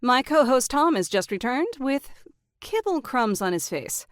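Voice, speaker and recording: A woman voicing a composed female cat news anchor with a deadpan newsreader delivery. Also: sits high, unhurried.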